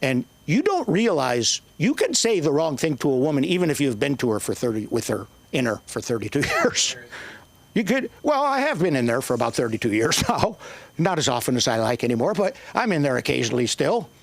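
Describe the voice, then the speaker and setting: Older male comic, gravelly voice, swings his pitch wildly, rambling and profane. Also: big pitch swings, fairly quick. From Northern Ireland. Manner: profane, rambling, shouting bursts. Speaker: stand-up comedian. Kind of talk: open mic stand-up.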